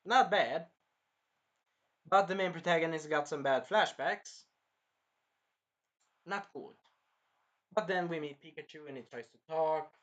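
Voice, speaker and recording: Young guy in his twenties, slightly high voice, loose rambling reviewer who bursts out loudly now and then. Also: unhurried, long pauses, highs cut off. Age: early 20s. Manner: rambling, jumps between topics with sudden loud bursts. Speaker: film reviewer. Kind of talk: casual rambling movie review.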